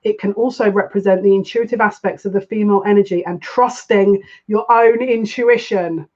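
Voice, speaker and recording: A woman's voice: mid-range voice, steady tone, moderate pace, a little mellow. A woman doing a live tarot reading, chatting with emotional asides and reading aloud from a card book. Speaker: psychic card reader. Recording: dull lo-fi recording.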